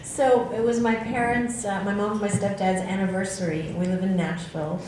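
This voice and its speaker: A woman guest on a convention panel, telling an anecdote in an animated way and laughing often. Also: mid-range voice, a little fast, background noise. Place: convention hotel panel room. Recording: echoey room with crowd sounds.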